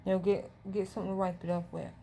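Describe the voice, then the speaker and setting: A woman with a low, gravelly voice hosts a casual home taste-test vlog. She chats along and keeps breaking off to correct the kids beside her, with faint background noise in the room. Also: level tone, quick pace, warm tone. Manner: chatty, keeps correcting the kids while talking. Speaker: vlog host.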